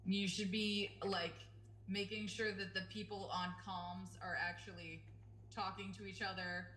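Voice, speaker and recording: A woman's voice: medium pitch, level tone, measured pace, fairly bright tone, slight background noise. A woman player at a tabletop role-playing game, talking casually with hesitant ums and likes. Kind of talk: tabletop role-play chat. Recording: roomy echo.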